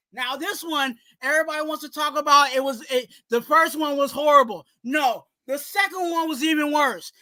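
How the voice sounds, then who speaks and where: A man hosting a fan sports show, ranting heatedly and often shouting, with lots of "you know what I'm saying". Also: extremely high pitch, normal speed, few pauses, no echo. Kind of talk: casual sports talk, ranting segment.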